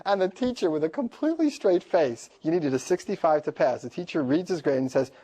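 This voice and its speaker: A man lecturing to a class, telling a story in an animated way and laughing often. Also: a little high, brisk, hardly any pauses.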